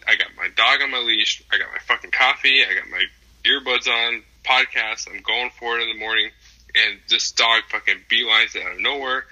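A man's voice: lowish voice, bright, forceful tone, low-quality recording. A young adult man co-hosting a podcast, telling a rambling story full of swearing and fillers. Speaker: podcast co-host. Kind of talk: casual chat, profane storytelling.

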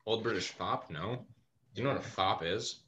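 A man's voice: on the low side, moderate pace, pushed and bright. A man acting as game master in a casual tabletop session over a voice call, explaining things at length in an opinionated way. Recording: muffled call audio with faint noise.

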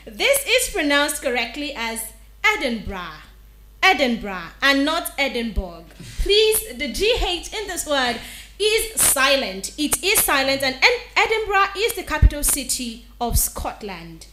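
Woman radio presenter spelling words slowly. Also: sits high, big pitch swings, sharp tone, echoey room, slight background noise. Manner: slow deliberate spelling, repeats each word. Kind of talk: radio diction segment, spelling and pronouncing words. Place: radio studio.

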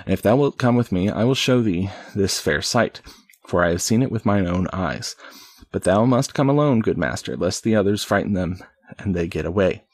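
Little John, a bold, loyal outlaw from an old storybook, speaks in slow, stately old-fashioned phrases, as a man reads him aloud. The voice is low and husky, recorded close and dry. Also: lively intonation, no room sound. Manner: slow archaic storybook delivery.

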